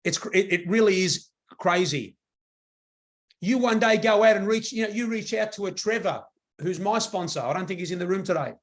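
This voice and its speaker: A man giving an enthusiastic motivational sales pitch to a live audience, repeating himself for emphasis. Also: normal speed. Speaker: presenter at a business meeting.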